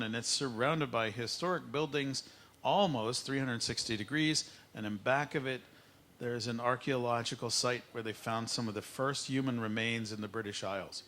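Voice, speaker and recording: A man teaching a live whisky tasting masterclass at an expo, playful and lively, drawing out words for effect. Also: medium pitch, slight background noise. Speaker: whisky educator.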